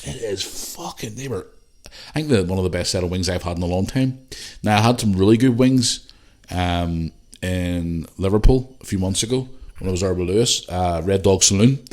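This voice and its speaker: A man's voice: low voice, moderate pace, a little mellow. A middle-aged Northern Irish man hosting a podcast, telling a rambling, sweary story and talking to his listeners as guys. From Northern Ireland. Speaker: podcast host. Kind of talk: casual storytelling chat.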